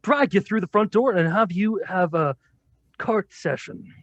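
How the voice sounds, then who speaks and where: A man's voice: sits high, expressive, a little slow, lo-fi sound. A man playing a tabletop game, making jokes about his character. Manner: joking, playful. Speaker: player. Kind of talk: casual chat.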